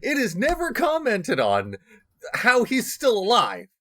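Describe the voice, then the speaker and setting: A man co-hosting a casual podcast, emphatic and animated as he complains. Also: very high voice, unhurried. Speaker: podcast co-host. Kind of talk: casual chat.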